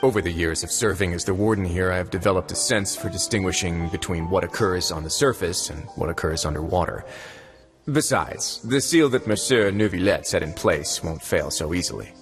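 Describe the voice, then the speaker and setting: An actor voicing a calm, composed prison warden in a video game, speaking in a measured, courteous, formal way. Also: male voice, deep voice, soft background music.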